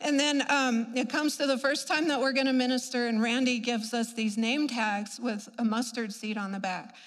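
A woman giving a church testimony as an animated storyteller who acts out the voices she quotes and laughs at herself. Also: fairly high pitch, moderate pace. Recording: long reverb of a large hall.

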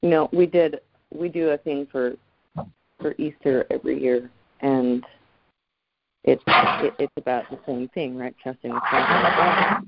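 A woman's voice: extremely low pitch, unhurried, vocal fry, slight background noise. Anecdotal woman co-host, muffled sound. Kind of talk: casual storytelling chat. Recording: dull sound.

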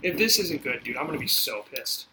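A man's voice: medium pitch, sing-song, brisk, noisy background. A man in his twenties co-hosting a podcast, joking and swearing freely in casual chat. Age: 20s. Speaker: podcast co-host.

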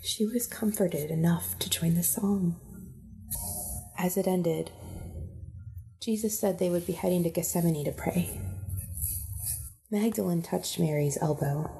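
Breathy, hushed woman storyteller. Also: fairly low pitch, fairly even intonation, normal speed, long pauses, soft background music. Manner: hushed, breathy storytelling, often near a whisper. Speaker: narrator. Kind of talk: storybook narration.

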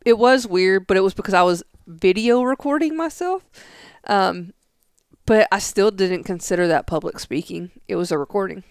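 A woman's voice: mid-range voice, normal speed, smooth, no room sound, clean studio sound. A young woman co-hosting a casual podcast, rambling and arguing her point with many fillers. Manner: rambling, argumentative, filler-heavy. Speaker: podcast co-host.

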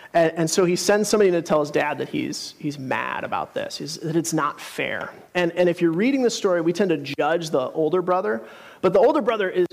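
Earnest high-voiced male preacher in a hall. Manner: conversational, earnest storytelling with asides. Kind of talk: sermon.

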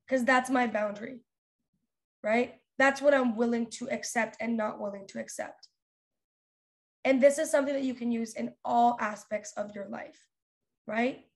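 Young woman, high voice, animated chatty advice, lots of "like" and restarts. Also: measured pace. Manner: animated, frequent fillers and restarts. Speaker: podcast host. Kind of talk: casual advice talk.

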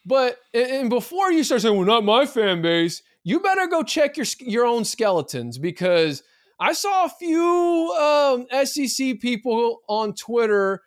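Man, high voice, casual sports podcast, opinionated, fillers and restarts, dry close sound. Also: big pitch swings, a little slow, no room sound. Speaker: podcast co-host.

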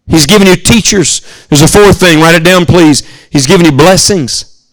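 Earnest American preacher, fairly high voice. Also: male voice, moderate pace, no room sound, rough recording. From United States. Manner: earnest, storytelling, addresses listeners directly. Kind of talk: sermon at a youth camp.

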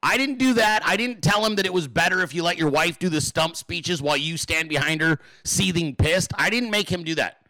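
Male livestream host, crude and mocking, bright, slightly high voice, dry close sound. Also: brisk, few pauses, dry recording. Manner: profane, mocking, puts on shrill voices. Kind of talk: crude casual livestream rant.

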